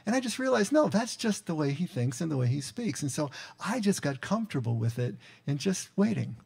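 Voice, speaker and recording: A man's voice: on the high side, sing-song, a little fast, gravelly, a little mellow. A middle-aged male pastor telling a story in a sermon, talking like he's chatting with the congregation. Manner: conversational storytelling, with asides to the congregation.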